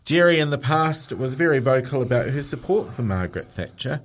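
A man's voice: mid-range voice, animated, a little fast. A man hosting a show, reading celebrity news with chatty asides and jokes, often stumbling over words. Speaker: radio host.

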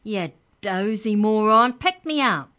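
A woman voicing a rude, squeaky little male book elf who shrieks insults. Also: lively intonation, slow pace, pushed and bright. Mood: insulting. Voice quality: high and squeaky.

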